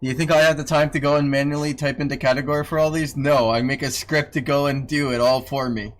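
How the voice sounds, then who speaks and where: A man's voice: medium pitch, steady tone, fast talker. A man streaming from home, casually teasing his dog and griping about tedious work, swearing freely. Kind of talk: casual live-stream chat.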